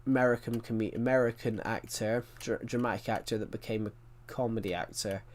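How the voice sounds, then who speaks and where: A man's voice: mid-range voice, steady tone, fairly quick. Rambling man chatting on a game stream. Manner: rambling storyteller, frequent self-corrections. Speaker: livestreamer. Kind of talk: casual chat while streaming a game.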